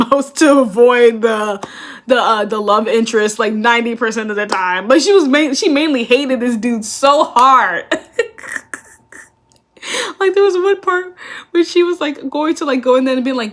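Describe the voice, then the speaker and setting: Young woman vlogger, slightly high voice, candid and profane, frequent laughter. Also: fairly bright tone. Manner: chatty, swears freely, laughs often. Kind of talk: casual chat.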